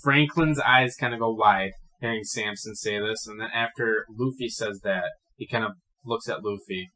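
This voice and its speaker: A man's voice: lowish voice, moderate pace, sharp tone, a little hiss or hum, poor audio. A young man narrating a tabletop game as game master, casual and profane. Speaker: dungeon master.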